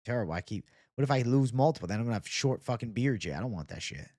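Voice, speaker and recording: A man's voice: medium pitch, lively intonation, quick pace, a little mellow, dry recording, studio quality. A young man hosting a casual livestream, reading viewer comments and talking loosely with plenty of swearing and bro-talk. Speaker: livestream host.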